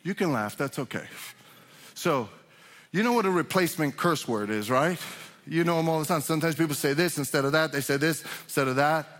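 A male pastor delivers a conversational sermon, often restarting his sentences and then swelling for emphasis. His voice sits a little higher than most men's. The sound carries a long reverb from a large sanctuary. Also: a little fast, a bit bright. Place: church sanctuary.

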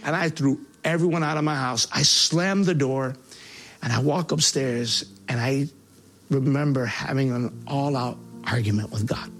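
A man's voice: medium pitch, fairly bright tone, soft background music. Earnest man telling his life story. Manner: halting and earnest, with many restarts and fillers; voice rises sharply when reliving angry moments. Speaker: person giving a personal testimony. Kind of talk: spoken personal testimony.

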